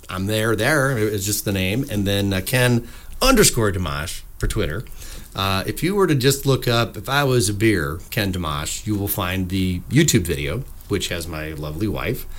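A man's voice: on the low side, normal speed. A middle-aged man, a musician guest on a radio show, telling stories with lots of energy and acting out little voices. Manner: animated storyteller, acts out voices in anecdotes. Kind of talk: casual radio interview. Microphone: studio microphone.

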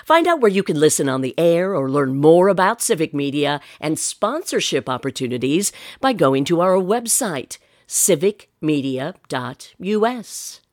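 A woman's voice: low voice, very animated, unhurried, hardly any pauses, darkish tone, no echo, studio quality. A woman announcer giving a scripted promo read for a radio network.

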